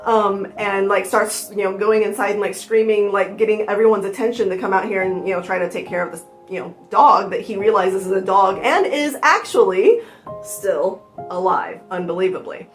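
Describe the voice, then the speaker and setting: A woman's voice: mid-range voice, moderate pace. A young woman vlogger telling an emotional personal story from home, using "like" a lot and laughing through the hard parts. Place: at home with her dog in her lap. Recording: roomy echo with music behind. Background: music.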